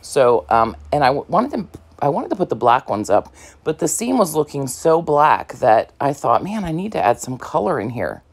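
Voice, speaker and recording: A woman's voice: deep voice, very animated, normal speed, husky. A woman crafting vlogger talking casually through her project, slightly out of breath, rambling with many ums and you-knows. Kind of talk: casual crafting tutorial talk.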